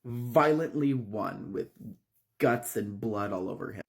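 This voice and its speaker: A man's voice: lowish voice, lively intonation, slow pace, creaky. Man retelling a horror story casually. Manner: conversational, loose retelling with restarts.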